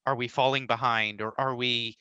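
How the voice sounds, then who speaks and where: A man's voice: mid-range voice, little pitch movement, normal speed, pushed and bright, clear, resonant tone, dry recording, muffled recording. A man explaining nonprofit mergers as an interview guest, confident and explanatory, often checking in with a rhetorical "right?". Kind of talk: conversational interview answers.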